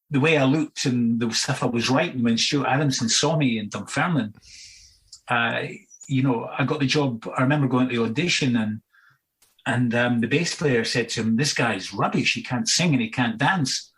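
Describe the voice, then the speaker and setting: A man's voice: mid-range voice, low-quality recording. A Scottish man in his sixties, a musician guest in a casual interview, telling rambling anecdotes full of fillers and asides.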